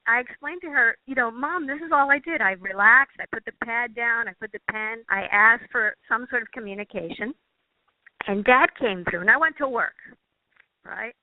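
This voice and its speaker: Woman guest telling her story over the phone, earnest and halting, keeps restarting, thin tinny line, dry sound. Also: a little high, no echo. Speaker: guest, quantum healing practitioner. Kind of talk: casual personal storytelling. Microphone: phone or call line.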